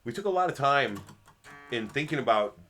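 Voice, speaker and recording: A man's voice: mid-range voice, expressive, normal speed, fairly bright tone, faint music behind. A man chatting casually as co-host of a band's show, rambling with many fillers. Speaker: band member and co-host. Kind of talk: casual chat.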